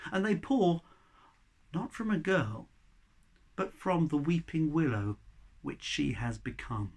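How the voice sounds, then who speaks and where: Dramatic male storyteller. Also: high voice. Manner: dramatic, shifting from loud to hushed whispers. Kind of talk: oral folk-tale telling.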